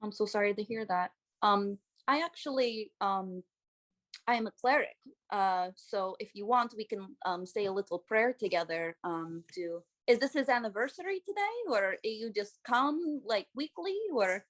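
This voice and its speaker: A woman's voice: mid-range voice, lively intonation, moderate pace, a bit bright, lightly acted. Lady doing a sweet chatty cleric girl, super apologetic, kinda nosy, tabletop game. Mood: sympathetic. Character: polite young woman cleric, kind but nosy.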